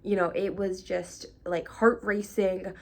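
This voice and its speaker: A young woman talks straight to her camera in a casual vlog storytime, rambling and filling gaps with likes and ums. Her mid-height voice carries a slight gravelly fry at the ends of phrases. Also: mid-range voice, level tone, a little slow. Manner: chatty, lots of likes and ums, half-laughing. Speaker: vlogger.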